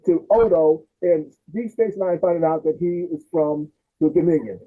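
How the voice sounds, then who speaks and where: A man's voice: a little high, moderate pace. A man in his sixties, a podcast host telling family stories and acting out his relatives' voices. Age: 60s. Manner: animated, acts out relatives' voices. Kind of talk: storytelling in casual chat. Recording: tinny phone-like audio.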